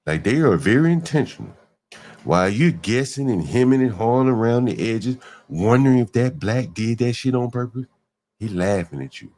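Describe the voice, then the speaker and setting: A man's voice: mid-range voice, lively intonation, normal speed, darkish tone. A man hosting a livestream, talking emphatically in repeated rhetorical questions. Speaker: livestream host. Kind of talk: ranting livestream commentary.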